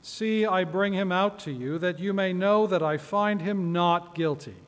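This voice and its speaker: A man reading aloud the words of a troubled Roman governor in a church service, with measured, pleading questions. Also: high-pitched. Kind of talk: liturgical scripture reading. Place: church sanctuary. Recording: echoey church hall.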